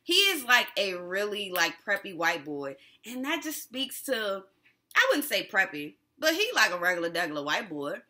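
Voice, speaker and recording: A woman hosting a casual TV episode recap, animated and slangy, who laughs often. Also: mid-range voice, normal speed. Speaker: TV recap host.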